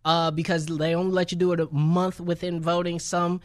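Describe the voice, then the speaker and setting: Dude hosting a gaming podcast, jokey, dry close mic. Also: male voice, a little high, flat delivery, brisk, dry recording. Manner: joking, rambling. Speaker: podcast host. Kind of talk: casual chat. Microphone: studio mic.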